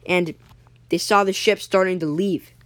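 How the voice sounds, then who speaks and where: A young storyteller improvising a story episode, halting, with frequent restarts and self-corrections. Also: mid-range voice, fairly even intonation, fairly bright tone, no room sound.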